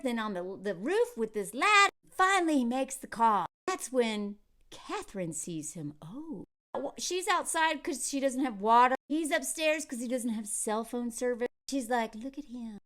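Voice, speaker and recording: A woman's voice: sits high, a bit bright. A woman giving a casual, sarcastic and mocking recap of a film, chatting straight to her viewers. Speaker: film reviewer.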